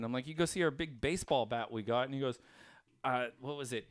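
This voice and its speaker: A man hosting a comedy podcast, originally from Canada, telling animated stories and acting out hecklers in casual chat. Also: mid-range voice, a little fast, clean tone. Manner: animated storyteller, acts out hecklers.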